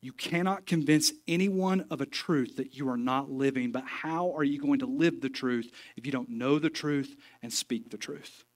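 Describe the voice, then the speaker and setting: A man's voice: mid-range voice, moderate pace, hardly any pauses. A man preaching a sermon in a church, folksy and joking, with emphatic stretches. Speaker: pastor. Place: church sanctuary.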